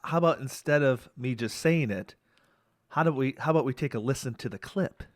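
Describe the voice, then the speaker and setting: A man's voice: medium pitch, a little fast, dry recording, clean studio sound. A man from the United States, co-hosting a podcast in an enthusiastic, playful way. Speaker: podcast co-host. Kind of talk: casual chat.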